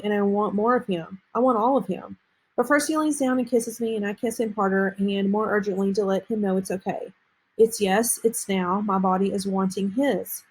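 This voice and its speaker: A woman reading a novel aloud in a halting way, stumbling and restarting words as she goes. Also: fairly high pitch, slightly rough. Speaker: reader.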